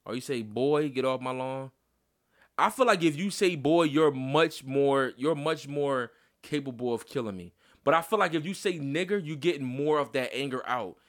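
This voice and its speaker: A man's voice: fairly high pitch, normal speed, fairly bright tone. A man co-hosting a casual podcast chat, talking emphatically with lots of slang, profanity and insistent restarts. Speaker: podcast co-host.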